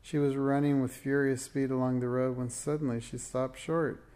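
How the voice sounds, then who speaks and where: A man reading a children's storybook aloud in a steady, gentle storytelling manner. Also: mid-range voice, normal speed, clean tone. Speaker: reader. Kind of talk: storybook read-aloud narration.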